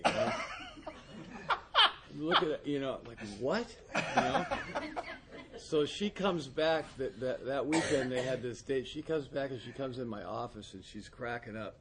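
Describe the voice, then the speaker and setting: A man's voice: mid-range voice, heavy background noise. A man in recovery telling a story in casual chat, often laughing mid-sentence and acting out quoted lines. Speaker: podcast guest in recovery.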